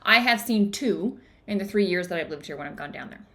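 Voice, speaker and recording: A woman hosting a book club livestream from home, telling a personal story in an animated, casual way. Her voice is bright and forward, and she slips into acted-out quotes as she goes. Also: lowish voice, a little fast. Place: home in the woods. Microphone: streaming device, live video.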